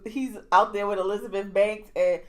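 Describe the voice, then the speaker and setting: A woman's voice: mid-range voice, normal speed. A woman co-hosting a podcast, chatting casually about TV and acting out scenes with lots of laughter. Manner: animated, laughing, acts out scenes from shows. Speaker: podcast co-host.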